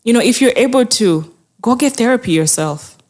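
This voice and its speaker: A woman's voice: on the high side, animated, fairly quick, darkish tone. Earnest woman therapist giving advice. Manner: earnest and encouraging, acts out inner voices, laughs often. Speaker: mental health therapist, guest. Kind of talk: conversational interview.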